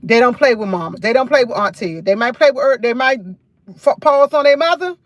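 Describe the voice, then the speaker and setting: A woman's voice: on the high side, a little fast, no room sound. Chatty New woman livestreaming. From New York. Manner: chatty, repeats phrases, rambling storytelling. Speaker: livestream host. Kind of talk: casual live chat.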